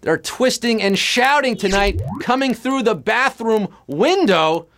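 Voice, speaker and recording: A quiz show host with a high, expressive, fairly bright voice runs a live trivia game, reading questions quickly and filling the gaps with jokes and puns. Music plays underneath, and there's a little hiss or hum.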